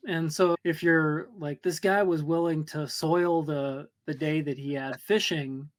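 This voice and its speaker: A man's voice: fairly high pitch, fairly even intonation, measured pace. Man musing aloud in casual talk. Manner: reflective, thinking aloud. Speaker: podcast co-host. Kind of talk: casual conversation.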